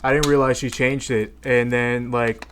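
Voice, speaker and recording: A man's voice: medium pitch, fairly even intonation, normal speed, a bit bright, slight background noise. A man co-hosting a comedy podcast, telling anecdotes in a rambling, filler-heavy casual way. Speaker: podcast co-host. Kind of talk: casual chat.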